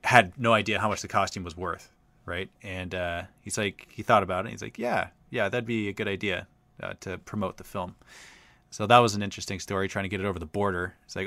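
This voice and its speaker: Man, low voice, forceful tone, dry close sound, casual storyteller, chatty host. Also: steady tone, a little fast, vocal fry, no echo. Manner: chatty, rambling, lots of uh fillers.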